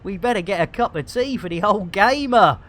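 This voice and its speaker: A woman's voice: medium pitch, animated, fairly quick, fairly bright tone. Lady streaming a game, chatty and silly, voice bouncing all over the place. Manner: rambling, jokey, self-mocking, theatrical. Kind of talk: live game stream chat.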